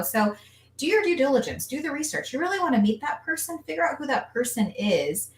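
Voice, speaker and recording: A woman hosting a casual live stream, lively, reading viewer comments aloud. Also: sits high, a little fast. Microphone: video call. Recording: echoey room, distant from mic.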